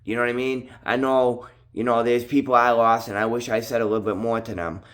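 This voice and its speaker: A man's voice: medium pitch, little pitch movement, a little fast, fairly bright tone, clean tone. A man with a strong Boston accent, talking straight to camera in a rambling, casual monologue full of "bro" and "dude". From Massachusetts. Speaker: vlogger.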